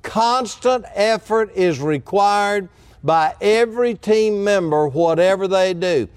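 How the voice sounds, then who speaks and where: A high-pitched man preaches from the pulpit, speeding up and slowing down and acting out the voices he quotes. The sound is close and dry, with no room echo. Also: smooth. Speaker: pastor. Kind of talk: sermon.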